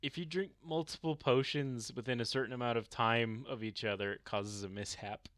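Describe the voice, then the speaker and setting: A man's voice: mid-range voice, steady tone, moderate pace, a bit bright, dry recording, studio quality. A man running a tabletop role-playing game as game master, explaining the rules patiently.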